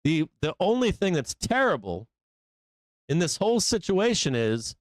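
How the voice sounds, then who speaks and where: A man's voice: high-pitched, sing-song, measured pace, dry recording. A man hosting a live trading show, talking through the market in a blunt, rambling, profane way.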